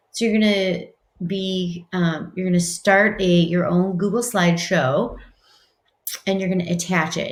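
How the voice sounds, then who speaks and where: A woman teaching a French class, talking casually in English and slowing down to model French words. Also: on the low side. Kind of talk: classroom lesson. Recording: echoey room.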